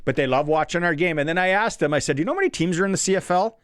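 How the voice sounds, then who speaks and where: A Canadian man co-hosting a sports radio show, telling stories in a casual and animated way and acting out the people he quotes. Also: fairly high pitch, very fast, clean tone, dry recording, clean studio sound. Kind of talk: casual chat, storytelling.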